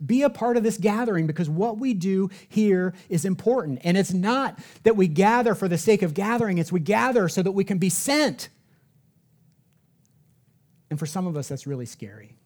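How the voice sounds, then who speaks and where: A man's voice: sits high, a little mellow. A man preaching a sermon in a church sanctuary, telling stories and asking rhetorical questions in a conversational way. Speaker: pastor.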